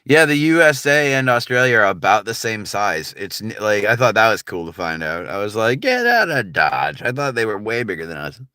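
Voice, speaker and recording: A man's voice: lowish voice, brisk, few pauses, sharp tone, clean tone, no room sound, clean studio sound. A man with a General American accent, chatting casually on a livestream in a laid-back, rambling way full of filler words. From United States.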